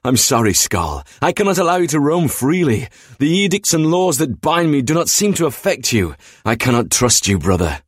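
A man's voice: on the high side, very animated, breathy edge, no echo, clean studio sound, pitched above the performer's own voice. A man voicing a solemn, sorrowful godlike male warrior who speaks in grave, formal sentences. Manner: grave, formal, measured speech.

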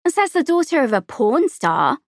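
A dry-witted teenage girl who delivers her lines deadpan. A woman voices her while reading an audiobook. The recording is close and dry. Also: high-pitched, normal speed, no echo, voice pushed up.

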